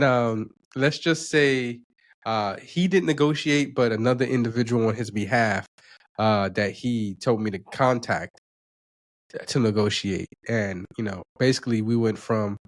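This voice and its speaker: A man hosting an interview podcast in casual chat, speaking hesitantly with frequent pauses and fillers. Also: lowish voice. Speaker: podcast host.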